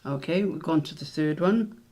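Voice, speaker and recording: A man's voice: on the high side, normal speed, a little mellow. A man hosting a casual word quiz, musing aloud over the letters and spelling words out. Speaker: quiz host.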